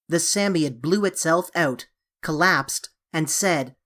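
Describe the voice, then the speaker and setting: Slow, expressive woman audiobook narrator. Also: sits low. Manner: measured, expressive storytelling. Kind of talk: scripted narration of a classic children's novel.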